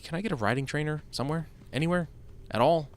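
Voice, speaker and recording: A man's voice: a little high, fast. A man giving casual, rambling let's-play commentary, joking at his own expense, on a desk mic that picks up his key presses. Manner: chatty, rambling, self-deprecating. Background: game music.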